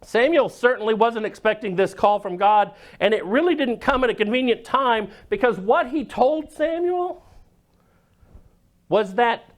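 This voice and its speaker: A man preaching a sermon, telling the story dramatically and dropping to a hush at moments. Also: very high-pitched, expressive, measured pace. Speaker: pastor.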